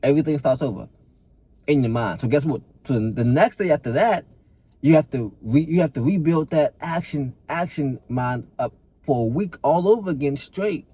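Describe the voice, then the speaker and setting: A man's voice: fairly high pitch, lively intonation, normal speed, warm tone, slightly rough, no room sound. A man, a fitness coach, giving a blunt, profane, repetitive motivational talk to camera and calling the listener bro.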